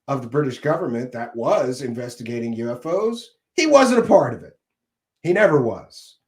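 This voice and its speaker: A man hosting a live commentary stream, mocking and combative, jumping between shouting and muttering. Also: a little high, echoey room. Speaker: commentary show host.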